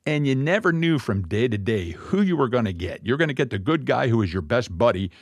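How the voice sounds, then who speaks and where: A middle-aged Messianic rabbi delivers a sermon as a personal story, earnest and reflective, with pauses and restarts. His mid-range voice is very animated. The studio-quality recording has no room sound.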